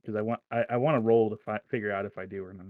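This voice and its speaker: Hesitant player, man, low pitch, dry close sound. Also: steady tone, rapid-fire, dry recording, narrow, tinny audio. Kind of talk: casual tabletop game play.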